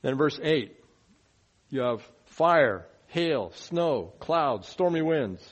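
A man preaching a sermon in a conversational way, asking the listeners rhetorical questions and swinging between quiet asides and loud, emphatic bursts. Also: on the high side, lively intonation, very slow.

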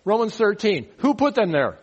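Higher-voiced man preaching a sermon. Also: very animated, moderate pace, dull audio. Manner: teaching, asks the congregation questions; mocking grumblers in a rising, louder voice. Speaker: pastor. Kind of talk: verse-by-verse sermon.

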